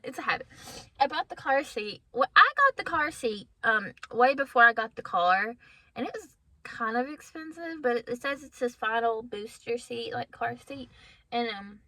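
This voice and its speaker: A woman tells a personal story into her phone from the driver's seat, her voice bright and a little high. She talks casually but with a lot of feeling, and her words drift toward tears as she goes. A headache weighs on her delivery. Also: expressive, moderate pace, no room sound. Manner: emotional, heartfelt, tearful at times. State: has a migraine. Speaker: vlogger. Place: in her car.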